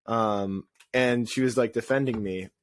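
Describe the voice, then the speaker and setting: A man co-hosting a casual podcast, telling rambling, self-deprecating stories in an animated way. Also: lowish voice, a little slow. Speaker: podcast co-host. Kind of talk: casual chat.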